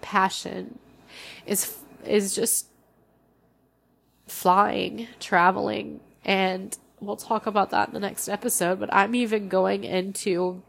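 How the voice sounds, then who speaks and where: A young woman hosting a personal podcast, talking candidly and emotionally, often pausing and restarting her sentences. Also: medium pitch, flat delivery, gravelly, a bit bright. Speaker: podcast host.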